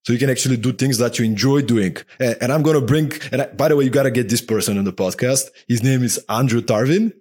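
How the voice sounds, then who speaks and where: A talkative, animated man speaking as a podcast guest in casual interview talk, often dropping "man" into his sentences. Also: medium pitch, fast, few pauses, slightly rough.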